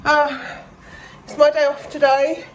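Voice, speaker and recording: This English vlogger, middle-aged and a bit breathless from a chest infection, chats and rambles in her kitchen at a slightly slow pace with little pitch movement. She addresses her cats in a high sing-song voice. The rough recording has a faint hiss or hum.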